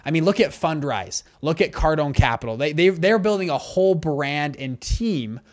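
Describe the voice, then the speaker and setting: A man who manages funds gives a whiteboard lesson on raising money, talking in a brisk, conversational way with frequent restarts. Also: a little high, expressive. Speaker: fund manager teaching investors.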